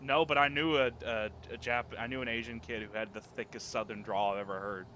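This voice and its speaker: Man on voice chat, bright voice, faint hum behind, swears freely, casual gaming chat. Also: mid-range voice, steady tone, brisk. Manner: swears freely, hides a southern accent. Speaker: gamer on voice chat.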